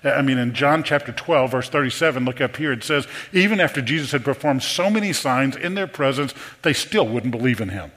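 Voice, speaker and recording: A man preaching a sermon, animated and full of rhetorical questions to his congregation. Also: mid-range voice, brisk, few pauses. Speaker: pastor. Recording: long hall reverb.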